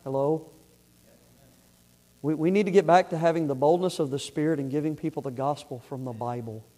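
High-voiced man preaching a folksy sermon. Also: brisk. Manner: folksy, emphatic preaching that builds to loud exhortation. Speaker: pastor. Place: church sanctuary.

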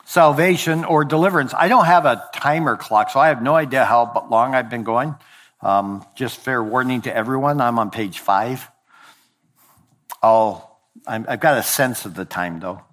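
The man is a pastor giving a measured sermon, with a somewhat bright tone. He lingers on key phrases, lowers his voice at line endings, and sometimes misspeaks before correcting himself.

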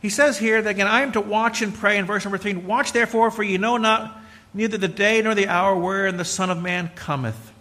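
Middle-aged preacher, bright forceful tone, tells folksy stories, preaches with emphasis. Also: male voice, high voice, fairly even intonation, fairly quick. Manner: conversational, storytelling, builds to emphatic preaching. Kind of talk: folksy sermon with personal stories.

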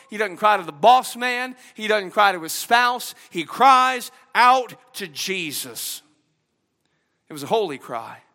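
A male pastor with a drawl delivers a sermon in a high, bright, ringing voice. He swings from loud, soaring exhortation down to quiet, hushed emphasis. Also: long reverb tail. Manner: dynamic preaching, swinging from loud and high to soft and low.

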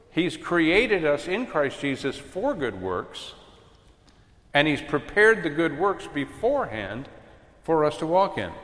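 A man preaching a sermon with emphatic swings between loud and soft. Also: mid-range voice. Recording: long hall reverb.

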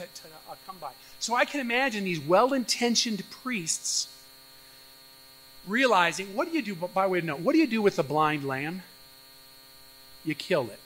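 A male pastor preaching an expository sermon, animated, acting out the voices of doubters with sudden jumps in pitch and loudness. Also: low-quality recording.

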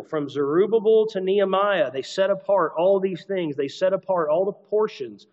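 A man's voice: high-pitched, moderate pace, a little mellow, dull audio. A man preaching an expository sermon, reading scripture aloud and adding conversational asides. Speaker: pastor.

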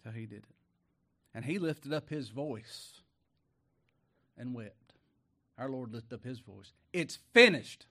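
A middle-aged man preaching a folksy sermon, going from loud declaiming to hushed words. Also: medium pitch.

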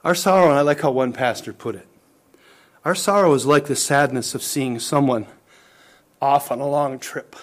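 A man preaching a sermon, impassioned, swinging between loud rising lines and hushed low ones, calling questions out to the congregation. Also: normal speed. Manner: impassioned, rising and dropping to near-whispered lows.

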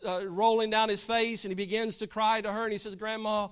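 A man with a high voice preaches a sermon, moving from gentle storytelling to fervent, emphatic appeals. His words ring out with a long hall reverb, as if from a church pulpit. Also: flat delivery, quick pace, clean tone. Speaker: pastor.

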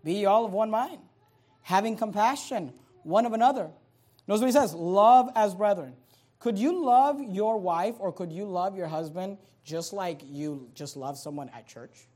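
A man, a pastor, preaching a sermon in a folksy, conversational way. He reads scripture aloud and swings between loud emphasis and quiet asides. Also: high voice, lively intonation, moderate pace. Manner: reads scripture aloud in King James wording.

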